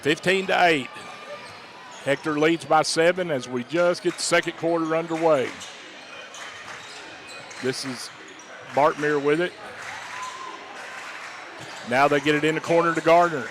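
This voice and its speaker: A man calling high school basketball play-by-play, rapid-fire, rising to shouts on big plays. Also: fairly even intonation, a crowd in the background, background noise. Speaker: play-by-play announcer.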